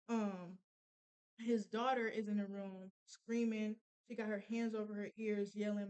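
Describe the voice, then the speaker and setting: A young woman telling a painful personal story, halting with many fillers and restarts. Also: medium pitch, steady tone, darkish tone, clear, resonant tone, rough recording. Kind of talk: casual storytelling.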